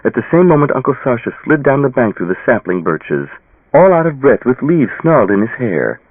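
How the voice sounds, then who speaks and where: A male audiobook narrator reading with dramatic expression, his pitch swinging widely around a lowish center. His voice is husky and dry, and the sound is thin and tinny like a phone line. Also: sing-song, brisk, no room sound. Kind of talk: scripted narration.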